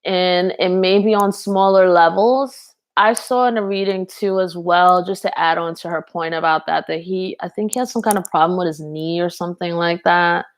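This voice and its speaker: A woman's voice: lowish voice, steady tone, normal speed, hardly any pauses. A young woman giving a casual live tarot reading, chatty and rambling, talking to viewers in the chat. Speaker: tarot reader.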